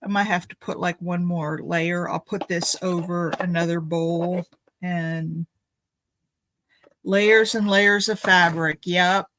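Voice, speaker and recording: A woman's voice: fairly low pitch, steady tone, slow, a bit bright, slight background noise, poor audio. A woman making a craft video, chatting in a rambling, thinking-aloud way as she opens gifts at home. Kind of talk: casual chatty unboxing.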